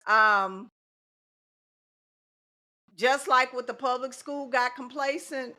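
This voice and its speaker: A woman's voice: sits high, takes it slowly, sharp tone. A middle-aged woman, a teacher in a casual podcast conversation, talking emphatically and repeating her key points. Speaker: teacher and guest.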